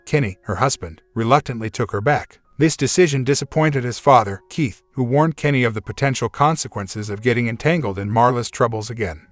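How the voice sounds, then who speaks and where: A man reading a dramatic relationship story aloud as scripted narration, in a steady, even storytelling manner. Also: medium pitch, no echo.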